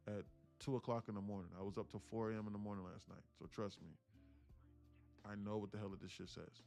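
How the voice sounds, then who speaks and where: A man's voice: fairly low pitch, vocal fry, a little mellow. A man hosting a day-trading livestream in a loose, chatty way, swearing casually and answering his chat, sitting about a foot from his mic.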